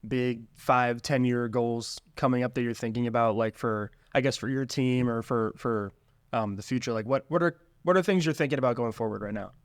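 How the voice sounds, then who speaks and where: A man hosts a casual podcast interview and asks his questions hesitantly, with plenty of fillers. His voice is smooth and sits at an ordinary pitch. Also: fairly quick. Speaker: podcast host.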